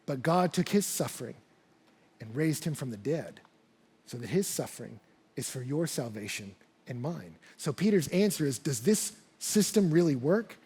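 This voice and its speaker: Husky-voiced pastor guy telling stories in a sermon, higher voice, gets emphatic. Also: a little mellow. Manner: conversational storytelling preacher; builds to emphatic passages. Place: church stage.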